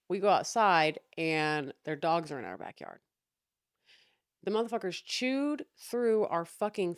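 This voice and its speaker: A woman's voice: on the low side, dry recording, clean studio sound. A young adult woman hosting a podcast, telling a long story in an exasperated, sarcastic and profane way. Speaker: podcast host. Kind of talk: casual storytelling rant.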